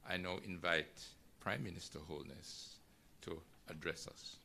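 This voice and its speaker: A man moderating a formal signing ceremony, thanking speakers and introducing guests in a measured, gracious way. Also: low voice, steady tone, vocal fry, sharp tone, slight background noise.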